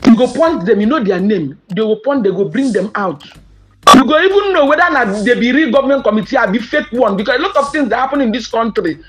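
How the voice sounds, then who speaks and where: A woman's voice: a little high, lively intonation, quick pace, soft background music. A woman with a Nigerian accent speaking to subscribers in an impassioned monologue, emphatic and mixing Pidgin and English, with outraged questions.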